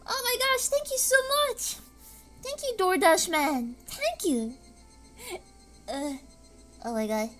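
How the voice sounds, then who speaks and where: High, lively, bright-voiced woman streamer. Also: slow pace, long pauses, soft background music. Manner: rambling, erratic, bursts into screams and laughter. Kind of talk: casual live-stream chat. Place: home.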